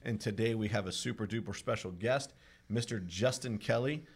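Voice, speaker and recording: A man hosting a podcast, upbeat and chatty, reading out statistics in a measured way. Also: fairly low pitch, slightly rough. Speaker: podcast host. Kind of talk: casual podcast conversation.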